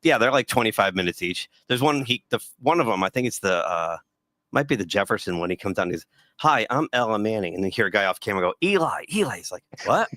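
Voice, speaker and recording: A man co-hosting a casual sports talk show, telling stories with animated quoted voices. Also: on the low side, fast, no echo. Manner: animated storyteller, acts out quotes. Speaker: podcast co-host.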